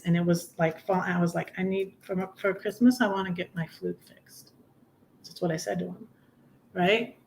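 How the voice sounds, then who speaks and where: A middle-aged woman hosting a casual livestream, chatting softly and reading her own poems in a rambling, soft-spoken way. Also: lowish voice, rough recording. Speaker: livestream host.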